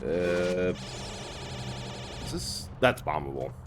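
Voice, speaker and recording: Over game music and background noise, a young man with a deep, very animated voice speaks very slowly while streaming a game from his hot room at home. He puts on a patchwork Scottish accent, laughs a lot, and talks to his chat by name in casual gameplay chatter.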